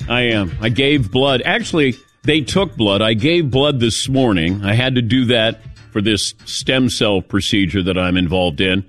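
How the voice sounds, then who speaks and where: A man's voice: lowish voice, unhurried, fairly bright tone, soft background music. A middle-aged man hosting a sports talk radio show, telling a self-mocking story in casual chat.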